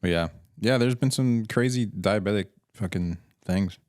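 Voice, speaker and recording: A man's voice: on the low side, normal speed, darkish tone, no echo, studio quality. A man co-hosting a podcast about emergency medical work, laid-back and slangy, giving short reactions. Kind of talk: casual chat.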